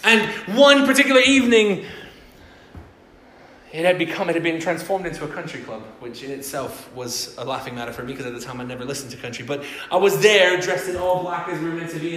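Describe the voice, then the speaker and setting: High-voiced pastor in a roomy hall. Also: male voice, brisk. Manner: animated storytelling, acting out voices. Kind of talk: sermon. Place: church hall. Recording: roomy church hall sound.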